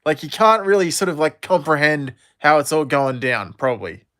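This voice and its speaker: A man's voice: a little high, big pitch swings, moderate pace, a bit bright, dry recording, studio quality. A man in his thirties talking in a rambling, profane solo monologue full of fillers and restarts. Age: 30s.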